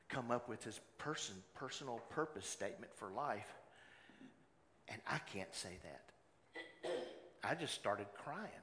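A man preaching a sermon as pastor, moving between loud exhortation and hushed personal storytelling. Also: on the low side. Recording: long hall reverb, faint room noise.

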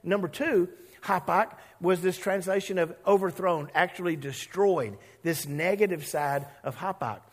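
A male pastor preaching a lively, conversational sermon with a somewhat high voice. He acts out the characters' lines in little voices and draws the congregation in playfully. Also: a little slow, hardly any pauses, long reverb tail.

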